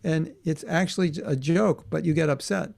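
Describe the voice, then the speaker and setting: A man's voice: fairly high pitch, moderate pace, gravelly, darkish tone. A man teaching a class for children in a conversational way, often checking in with his students and restarting his sentences. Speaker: workshop teacher for kids.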